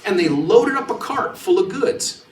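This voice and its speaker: Animated man speaking in an echoey hall. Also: sits high, moderate pace, a little hiss or hum. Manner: animated storytelling, acting out quotes. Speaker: district attorney. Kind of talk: political club speech. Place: meeting hall. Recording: echoey room, mic at a distance.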